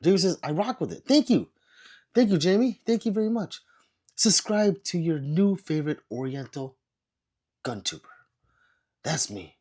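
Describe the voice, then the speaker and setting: A man who is sick, chatting casually on a livestream and reading viewer comments aloud with low energy. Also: very animated, normal speed, long pauses, darkish tone, husky.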